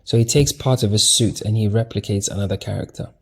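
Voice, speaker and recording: A man teaching in a loose, slangy, emphatic manner, scattering fillers as he talks. His voice is low and gravelly with a husky edge. The delivery stays casual and conversational throughout. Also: steady tone, quick pace. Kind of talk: casual spiritual lecture.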